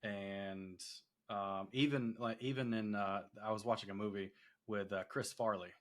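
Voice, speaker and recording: A man co-hosting a casual chat, relaxed and hesitant, swearing offhandedly. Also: fairly low pitch, a little slow. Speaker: co-host.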